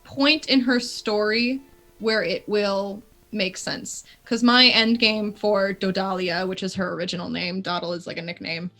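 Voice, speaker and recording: A woman with a Canadian accent talks casually as a guest on a live stream, lively and quick to laugh. Her voice is bright and clear. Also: medium pitch, soft background music. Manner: lively, chatty, laughs often. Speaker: guest player.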